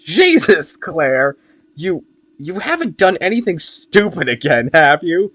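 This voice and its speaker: A man's voice: a little high, very animated, takes it slowly, a bit bright, no room sound, voice pushed up, full character voice. A man voicing a bossy, blunt teenage girl. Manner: brusque, teasing, pushy.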